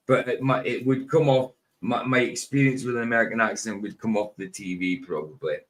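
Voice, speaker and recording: A man's voice: medium pitch, moderate pace, fairly bright tone. Chatty British man hosting a podcast. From United Kingdom. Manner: chatty, rambling, laughs often. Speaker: podcast host. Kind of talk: casual chat.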